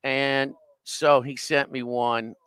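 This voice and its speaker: A man's voice: mid-range voice, flat delivery, takes it slowly, a bit bright, clear, resonant tone, no room sound. A man co-hosting a live sports radio show, chatting casually and rambling with lots of fillers and restarts. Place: restaurant, live remote broadcast.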